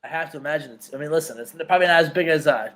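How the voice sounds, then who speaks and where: A male co-host chats casually, tossing in joking asides and short reactions. His voice is notably high for a man and easygoing. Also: racing, fairly bright tone. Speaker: podcast co-host. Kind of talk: casual chat.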